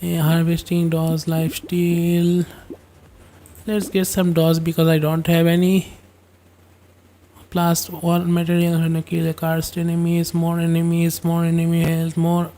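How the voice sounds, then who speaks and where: A woman's voice: fairly low pitch, monotone, measured pace, warm tone. A woman commenting on her game during a livestream, musing aloud and rambling in asides to her chat. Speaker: game streamer.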